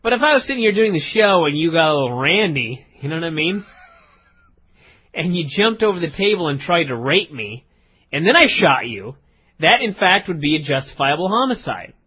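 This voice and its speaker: A man's voice: a little high, very animated, brisk, slightly rough. A man co-hosting a podcast, teasing his partner in a rambling, mock-serious casual chat, on dull lo-fi audio. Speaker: podcast co-host.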